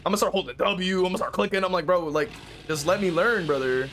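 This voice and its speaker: A man with a high voice rambles through casual gameplay commentary, full of fillers, profanity and frustration. Steady noise sits behind his voice. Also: quick pace. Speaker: streamer playing a killer.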